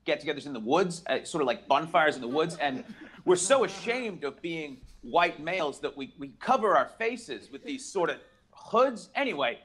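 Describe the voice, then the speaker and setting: A young adult man doing a profane, brash stand-up comedy set with rapid-fire jokes. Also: fairly high pitch, big pitch swings, a bit bright.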